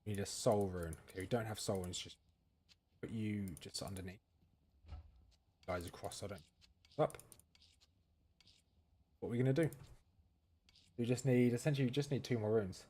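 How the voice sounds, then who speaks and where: A man's voice: lowish voice, moderate pace, pauses often, warm tone, slight background noise. Man chatting through gameplay. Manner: thinking aloud, reading chat and answering viewers. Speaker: gaming streamer. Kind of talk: casual gameplay commentary.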